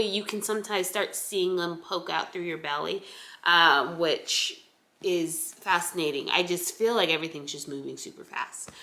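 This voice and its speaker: Bright chatty young woman vlogging. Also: medium pitch. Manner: chatty, rambling with many fillers and restarts. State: pregnant. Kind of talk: casual chat.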